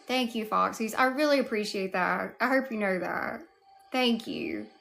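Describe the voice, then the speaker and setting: A woman's voice: medium pitch, sing-song, moderate pace, creaky, slight background noise. A woman with a Southern US accent hosting a casual livestream, greeting chatters by name. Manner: warm greetings to chat, drawling. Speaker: livestream host. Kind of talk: casual live chat.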